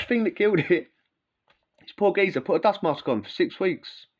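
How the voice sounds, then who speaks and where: A man's voice: high-pitched, animated, measured pace, highs cut off. A man telling stories casually in a rambling, slangy way, full of fillers and asides. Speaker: vlogger recounting prison life. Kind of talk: casual storytelling.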